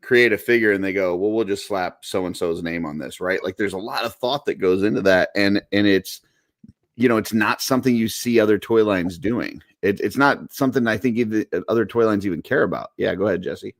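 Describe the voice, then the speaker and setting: A man co-hosting a podcast in casual chat, relaxed and acting out quotes. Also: fairly low pitch, fairly quick, no echo, studio quality. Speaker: podcast co-host.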